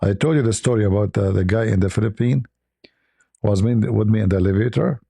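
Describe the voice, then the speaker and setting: A man's voice: fairly low pitch, fast, vocal fry, mellow, husky, dry recording, studio quality. A man hosting a live stream, chatting casually and laughing at his own stories. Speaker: livestream host.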